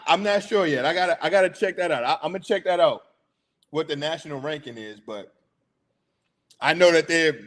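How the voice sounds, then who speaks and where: A man's voice: a little high, fairly bright tone. A middle-aged man hosting a casual sports talk show, chatty and hyped, laughing often.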